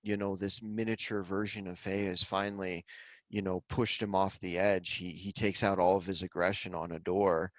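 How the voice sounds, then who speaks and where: Low-voiced man analyzing a film. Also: flat delivery, moderate pace, fairly bright tone, dry recording, lo-fi sound. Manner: earnest, repeats words as he gathers thoughts. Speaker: podcast co-host. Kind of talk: casual film discussion.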